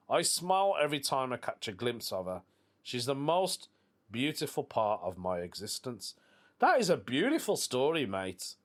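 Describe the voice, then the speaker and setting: A British man hosting a casual solo podcast, reading a listener's story aloud with chatty asides and frequent laughs. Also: mid-range voice. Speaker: podcast host.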